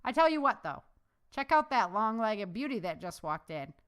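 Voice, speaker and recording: A woman voicing a boisterous, slightly drunk male ex-Marine who booms and teases. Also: big pitch swings, normal speed, fairly bright tone, clean tone. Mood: boisterous teasing. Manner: booming, teasing.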